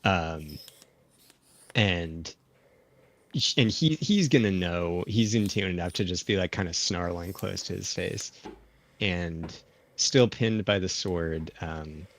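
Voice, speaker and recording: A man casually describing his character's actions in a tabletop game, relaxed and hesitant. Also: low voice, slow. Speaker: player.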